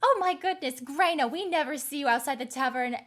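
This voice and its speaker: A woman's voice: high voice, fairly quick, a bit bright, voice pushed up. A woman voicing a nosy old townswoman who chatters fussily in a tabletop game. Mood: fussing. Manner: fussy, breathless chatter.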